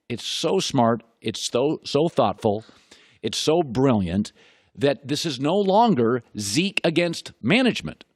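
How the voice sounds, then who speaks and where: A man's voice: mid-range voice, very animated, takes it slowly, husky, dry recording, clean studio sound. A middle-aged man hosting a sports talk show, delivering an opinionated monologue full of rhetorical questions and repeated points for emphasis.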